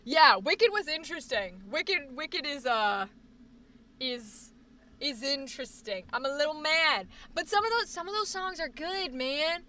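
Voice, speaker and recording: A young woman chats on her live stream in a high, bright voice, rambling from one thought to the next. She swears freely and bursts out loudly now and then. Her voice comes from a little away from the microphone. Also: a little slow, distant mic. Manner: rambling, profane, animated with sudden outbursts. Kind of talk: casual live-stream chat.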